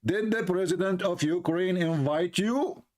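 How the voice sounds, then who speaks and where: A man's voice: high-pitched, a little slow, darkish tone. A man who does not speak natively, hosting a livestream and mocking a played clip with sarcastic, repeated rhetorical questions. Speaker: livestream host.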